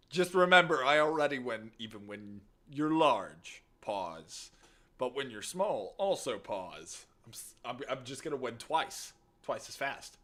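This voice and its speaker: A young man, streaming a game and bantering loudly with chat. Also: medium pitch, sing-song, takes it slowly. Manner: loud joking banter, swearing, shouting greetings. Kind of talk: casual gaming livestream chat.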